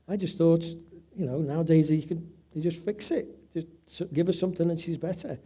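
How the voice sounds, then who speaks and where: A man's voice: on the high side, brisk, dark tone, breathy edge. A middle-aged man giving an emotional personal testimony at an event, acting out the voices of people he quotes. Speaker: event speaker, patient's husband.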